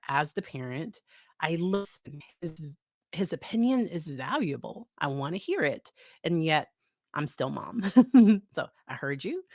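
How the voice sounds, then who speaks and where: In a low voice captured as a dry recording with clean studio sound, a psychologist host talks casually about parenting. Her educational chat is full of laughter and acted-out scenes between her and her child.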